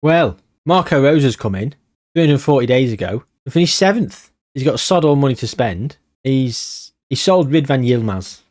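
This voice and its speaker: Casting: male gaming commentator, mellow tone, dry close sound, grumbly and sarcastic. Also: medium pitch, animated, normal speed, no room sound. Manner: exasperated, grumbling, sarcastic asides. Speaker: gaming YouTuber. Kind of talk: casual game commentary.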